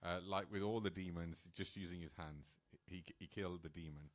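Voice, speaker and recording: A man's voice: low-pitched, steady tone, normal speed. A man speaking as a temple speaker, telling a sacred story in a casual, chatty sermon style. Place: temple hall.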